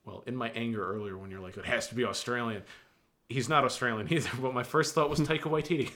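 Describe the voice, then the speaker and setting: A man's voice: medium pitch, quick pace, a bit bright. A young man hosting a casual podcast, laid-back and swearing freely. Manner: laid-back, swears a lot, laughs often. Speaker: podcast host.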